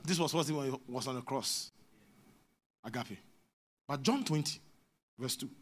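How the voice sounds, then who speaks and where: A man with a Ghanaian English accent preaching a sermon as a prophet, moving between hushed asides and shouted exhortation. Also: medium pitch, lively intonation, unhurried.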